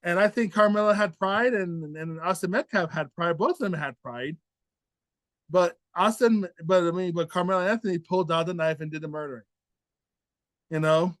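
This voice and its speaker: High-voiced man, earnest indignant commentary. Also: moderate pace, a bit bright, no room sound. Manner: earnest and indignant, with many repeats and restarts. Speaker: commentary show host. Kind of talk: opinion commentary, casual monologue.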